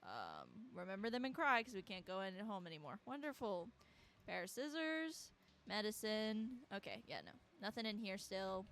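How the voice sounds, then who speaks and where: A woman's voice: medium pitch, sing-song, moderate pace, fairly bright tone. A woman giving casual commentary as she plays a horror game, with wry, sarcastic asides. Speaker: let's play streamer.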